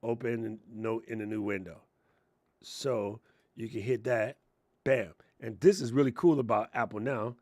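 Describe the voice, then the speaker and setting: A man with a lowish, steady, slightly mellow voice speaks a little slowly while giving laid-back tech tips on a stream. His talk swings between sarcastic, jokey ranting complete with mocking voices and easygoing muttering as he works at the computer. Recorded dry through a lapel mic on his chest, the audio is clean and studio-sounding.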